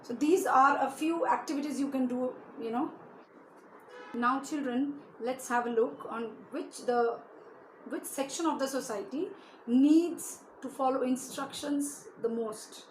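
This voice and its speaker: High-voiced woman teaching children. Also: unhurried. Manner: asks pupils many questions, often adds "you know". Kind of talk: classroom lesson for children. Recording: echoey room with faint hiss.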